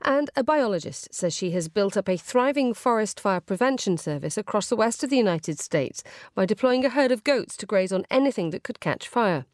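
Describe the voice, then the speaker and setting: A woman's voice: medium pitch, animated, fairly quick, no echo. A woman presenting radio news and then bantering with a host in a dry, teasing way.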